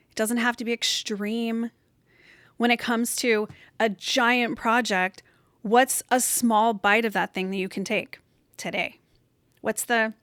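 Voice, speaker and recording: Recording from her bedroom on a camera set up in the room, this podcast host delivers a solo motivational show that is earnest, encouraging and emphatic. Her voice runs on the high side and a bit bright, and the sound is clean and studio-like with no echo.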